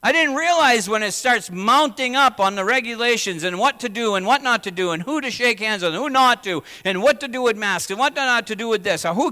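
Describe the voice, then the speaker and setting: Male pastor, high and tense-toned, conversational sermon delivery in a long-reverb sanctuary. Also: sharp tone. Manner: conversational, asks the congregation questions.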